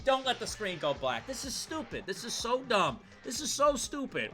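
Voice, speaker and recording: A man streaming a game, reacting loudly and swearing in exasperated outbursts. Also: very high voice, huge pitch swings, moderate pace, few pauses, soft background music.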